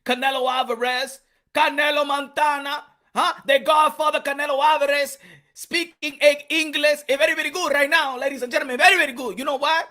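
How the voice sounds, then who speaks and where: A man hosting a boxing commentary vlog, talking in an animated, slangy, joking way and often repeating himself. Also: very high voice, a little fast. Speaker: boxing channel host.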